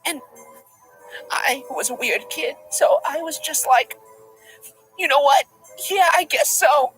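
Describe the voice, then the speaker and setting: A man's voice: very high-pitched, slow pace, a bit bright, soft background music, voice pushed up, exaggerated voice, low-quality recording. A man voicing a timid little lady who tells a creepy childhood story around a backyard campfire. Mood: spooky. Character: timid little lady telling a spooky tale.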